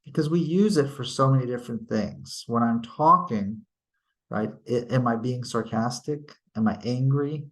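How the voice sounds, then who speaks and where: A male teacher giving a recorded lecture, explaining patiently and stopping to act out example sentences. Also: mid-range voice. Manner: slow, deliberate, explains patiently with tag questions; demonstrates intonation by acting out sentences.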